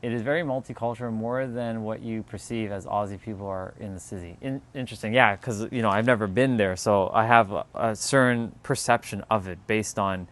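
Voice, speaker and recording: A man's voice: on the low side, steady tone, a little fast, hardly any pauses, fairly bright tone. A man from Canada, chatting casually on a livestream, rambling and restarting his words as he answers chat. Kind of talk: casual live-stream chat.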